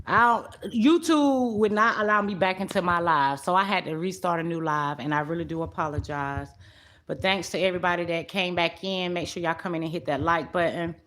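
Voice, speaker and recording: A woman's voice: lowish voice, a little fast, fairly bright tone, slight background noise. Blunt, chatty woman podcast host. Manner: laughs often. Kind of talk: casual livestream talk.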